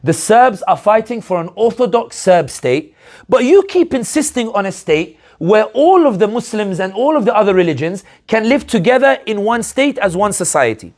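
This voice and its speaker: A political analyst speaking to an audience, telling stories and asking rhetorical questions in a lively, animated way. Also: male voice, high voice, a little fast. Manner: animated storyteller, acts out quoted voices, rhetorical questions. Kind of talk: speech to an audience.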